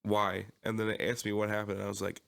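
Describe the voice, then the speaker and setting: A young man with a Philadelphia-area accent tells a story on a podcast, his voice sitting a little low. He is animated and swears freely. He loudly acts out the lines of people in his stories. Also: fast, vocal fry. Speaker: podcast co-host. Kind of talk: casual chat, storytelling.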